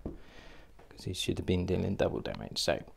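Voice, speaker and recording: A man's voice: deep voice, sing-song, moderate pace, creaky, slightly rough. A man narrating a solo board game playthrough, thinking aloud and hesitating with fillers as he works out each move.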